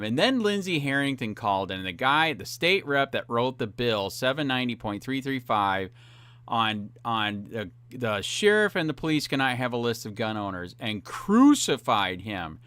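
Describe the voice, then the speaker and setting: Profane ranting man, bright dry voice. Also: mid-range voice, big pitch swings, moderate pace, clear, resonant tone, no room sound. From Florida. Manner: profane, rambling, full of fillers, grows heated. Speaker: cop watch channel host. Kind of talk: angry ranting vlog.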